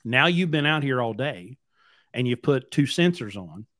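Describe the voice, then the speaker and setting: Animated and fairly bright, a mid-range man speaks at normal speed in a dry, studio-quality recording. He's a podcast host and trucking company owner, casually telling a long, blunt, rambling story with repeated words.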